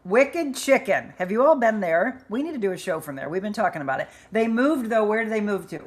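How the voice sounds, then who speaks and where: A woman's voice: mid-range voice, expressive, fairly quick. A woman hosting a live chat show, upbeat and chatty as she reads out viewers' comments and names. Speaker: livestream host.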